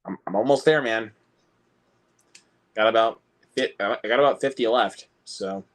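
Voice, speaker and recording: Rambling low-voiced American guy. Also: moderate pace. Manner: rambling, with frequent restarts. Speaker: livestream co-host, film reviewer. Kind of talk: casual livestream chat.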